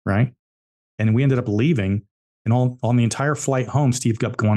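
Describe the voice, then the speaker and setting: This man, an entrepreneur being interviewed on a podcast, shares business anecdotes with emphasis, repeating the points he cares most about. He has a mellow, mid-range voice at a normal speed.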